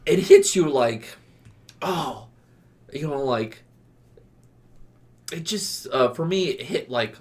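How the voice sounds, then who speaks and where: A man co-hosting a casual chat, telling stories in an animated way and laughing often. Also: mid-range voice, slow, pauses often. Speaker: podcast co-host.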